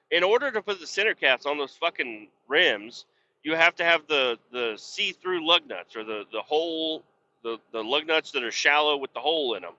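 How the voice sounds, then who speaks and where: A man's voice: medium pitch, bright, forceful tone, lo-fi sound. A man hosting a podcast, telling a rambling, profane story in casual chat and getting worked up as he acts out arguments. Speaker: podcast host.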